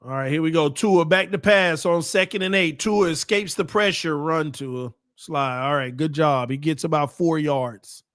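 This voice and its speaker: Excitable male fan calling plays live. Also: on the high side, moderate pace, hardly any pauses, no room sound, clean studio sound. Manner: excitable, talks back to the players. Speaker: fan show host. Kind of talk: live play-by-play at a fan watch party.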